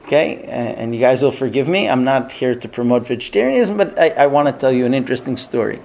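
A man teaching a religious class, telling stories in an animated way and often laughing. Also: mid-range voice, quick pace, gravelly. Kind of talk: storytelling religious lesson.

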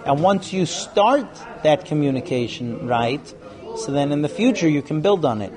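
Speaking at normal speed in a voice on the high side, this man leads a live marriage class with candor and energy, performing quoted couples in exaggerated voices. Audience chatter fills the background of the live room.

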